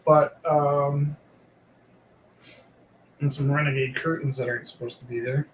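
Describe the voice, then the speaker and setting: A man's voice: mid-range voice, level tone, unhurried. A man chatting casually while he draws, rambling with many fillers. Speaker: live-streaming artist. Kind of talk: casual chat while drawing. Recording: echoey room, mic far off, faint noise.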